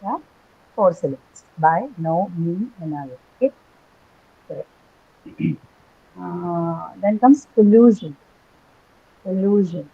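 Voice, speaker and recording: A woman's voice: fairly low pitch, slow pace, creaky, long pauses, slightly rough. A woman teaching an English phonetics class, explaining step by step with many ums and rights. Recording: muffled lo-fi audio.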